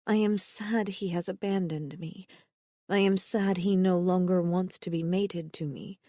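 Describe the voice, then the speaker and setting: A woman voicing a gentle, sorrowful young alien woman who speaks softly and formally, without contractions. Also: fairly low pitch, steady tone, measured pace, no room sound, clean studio sound. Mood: sad. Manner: soft and mild.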